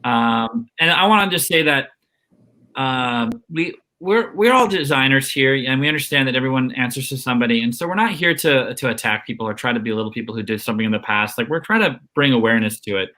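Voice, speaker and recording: A man's voice: medium pitch, animated, brisk, bright, forceful tone. A man hosting a panel discussion over a video call, talking hesitantly with many restarts and fillers. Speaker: host.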